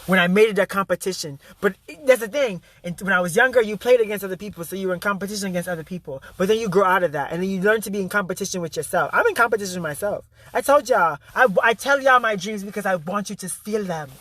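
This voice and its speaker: A man's voice: sits high, quick pace, few pauses, fairly bright tone, no room sound. A man giving an intense, emphatic motivational vlog monologue, swearing freely and repeating his key phrases for emphasis. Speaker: spiritual motivational speaker.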